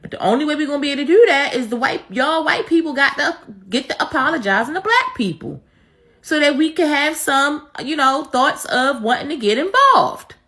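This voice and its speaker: A woman with a bright, forceful, fairly high voice, ranting bluntly and preaching at her listeners. She swears freely and hammers the same points again and again. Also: lively intonation, a little fast. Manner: repetitive, emphatic. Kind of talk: ranting commentary.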